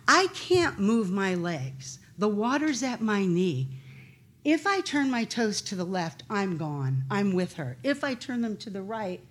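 A middle-aged woman telling a personal story in an earnest, halting, animated way. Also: medium pitch.

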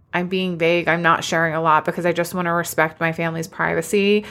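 Tearful woman, low flat voice. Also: creaky. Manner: emotional, candid and reflective. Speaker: podcast host and business coach. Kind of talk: personal solo podcast talk.

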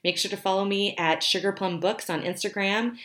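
A woman's voice: mid-range voice, fairly even intonation, a little fast, fairly bright tone. A chatty, bubbly woman giving a casual book review to her viewers, laughing easily. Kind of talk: casual chat to camera. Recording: roomy echo.

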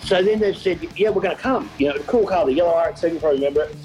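A man's voice: high-pitched, racing, soft background music, rough recording. A middle-aged Australian man, an event organizer, telling stories in an interview, laughing often and acting out what people said. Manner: animated storyteller, laughs often, acts out quotes. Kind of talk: storytelling interview.

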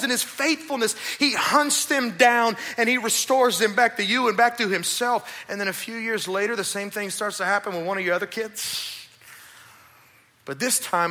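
A male pastor preaching a sermon at a church service, animated and acting out voices. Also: sits high. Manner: animated, acts out voices and asides.

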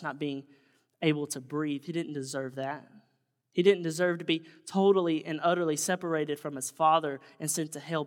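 A man preaching a sermon as pastor, folksy and conversational, turning earnest and solemn. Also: fairly high pitch. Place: church sanctuary. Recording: long church hall reverb.

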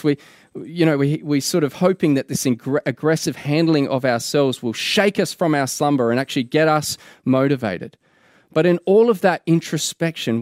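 A man's voice: on the high side, a little mellow, dry recording, studio quality. A man preaching a sermon in an earnest way, repeating key phrases for emphasis.

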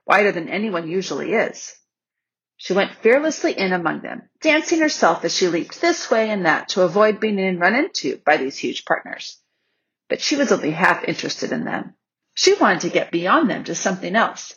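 A woman narrates a storybook aloud in a gentle, measured voice with a husky, breathy grain. The sound is slightly dull and lo-fi, like a home recording. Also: mid-range voice, sing-song. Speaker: audiobook reader.

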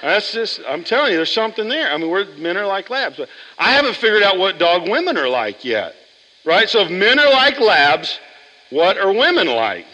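Man, pastor, sermon, bright voice, chatty and animated, reverberant church. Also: high-pitched, moderate pace. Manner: animated, chatty, asks the congregation questions. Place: church sanctuary.

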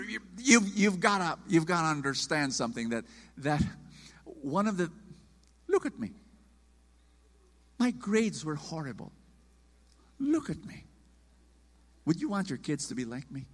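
Man, sermon, animated, emphatic, bright tone, long hall echo. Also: a little high, normal speed, long pauses. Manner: animated, emphatic, acts out quotes. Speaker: preacher.

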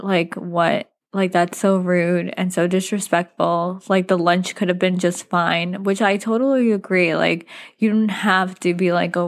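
A woman hosts a podcast and tells a dating story in a loose, chatty way. She drops "like" all the time and slips into quick impressions of the people she quotes. Her pitch sits in a middle range for a woman. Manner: chatty, frequent "like" fillers, quotes others in animated asides. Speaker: podcast host. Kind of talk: casual storytelling.

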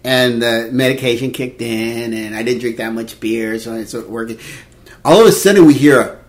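A man in his fifties telling a dating story in casual chat, animated and laughing, acting out quotes. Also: medium pitch, normal speed. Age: 50s. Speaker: podcast co-host.

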